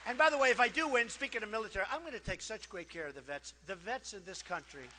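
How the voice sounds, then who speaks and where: A man's voice: high voice, animated, quick pace, sharp tone, some chatter behind, a little hiss or hum. A man giving a campaign rally speech in a boastful, repetitive, conversational way, with many asides. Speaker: political candidate. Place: large rally hall. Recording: long hall reverb from PA.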